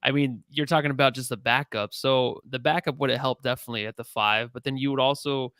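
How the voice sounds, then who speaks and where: A man co-hosting a sports podcast, talking in a relaxed way and thinking out loud. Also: mid-range voice, fast talker, clean tone, dry recording, studio quality. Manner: relaxed, thinks aloud with fillers. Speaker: podcast co-host. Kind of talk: casual sports chat.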